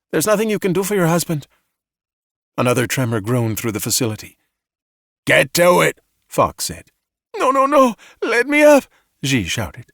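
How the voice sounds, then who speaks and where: A man narrating a calm bedtime sci-fi audiobook with slow, soothing storytelling. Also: fairly low pitch, no echo, clean studio sound.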